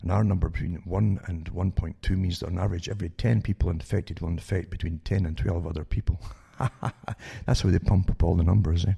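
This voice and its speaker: Older man, talk radio host, very low pitch, gruff and rambling, sarcastic "eh?" asides. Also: fairly even intonation, fairly quick, mellow. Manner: rambling, many restarts, sarcastic asides ending in "eh?".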